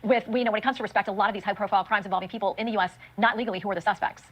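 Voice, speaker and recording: A woman TV news anchor, answering in a brisk, informative way during a television interview. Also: medium pitch, fairly even intonation, fairly bright tone.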